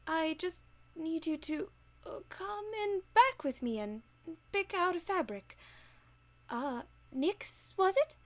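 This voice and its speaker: A woman's voice: very high voice, full character voice. A woman voicing a refined, fashionable unicorn mare who makes dresses, in a fan audio drama. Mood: flustered. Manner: posh, theatrical and elegant.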